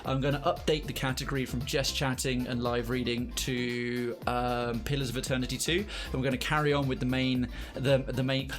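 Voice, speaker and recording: A man's voice: mid-range voice, little pitch movement, normal speed, hardly any pauses, soft background music. A man streaming live, reading a story and chatting to viewers in a rambling, self-correcting way.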